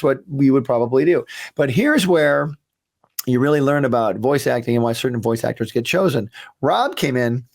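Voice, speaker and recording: A man's voice: medium pitch, animated, brisk. A man who created a cartoon, chatting casually as he reacts to an old episode and tells anecdotes, with ums and restarts.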